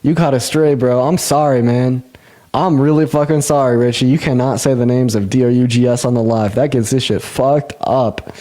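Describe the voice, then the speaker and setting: A young man hosts a casual livestream debate in a quick, loose way. He laughs often, swears freely and his voice leaps sharply upward whenever he gets excited. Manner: fast, laughing, swears a lot, jumps high in pitch when excited. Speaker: livestream host.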